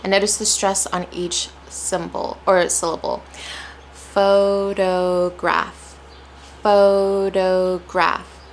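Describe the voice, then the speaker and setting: A woman's voice: on the low side, a bit bright, a little hiss or hum. A young woman with an American accent teaching English pronunciation, stretching out example words with exaggerated stress. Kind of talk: slow, deliberate pronunciation lesson.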